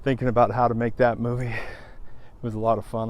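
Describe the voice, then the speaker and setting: A man's voice: mid-range voice, little pitch movement, fairly quick, a little hiss or hum. A middle-aged man talking to viewers on a walk, out of breath and subdued, with sighs and restarts. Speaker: vlogger. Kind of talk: casual vlog monologue.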